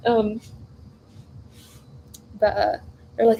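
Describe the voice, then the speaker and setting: A young woman chats while she bakes in her kitchen, voice soft and mellow and a touch high, and she wanders through her story with filler words and restarts. There is a faint hiss under her voice. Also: measured pace, pauses often, low-quality recording. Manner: rambling, animated, lots of fillers and restarts. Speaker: vlogger. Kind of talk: casual storytelling while baking. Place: home kitchen.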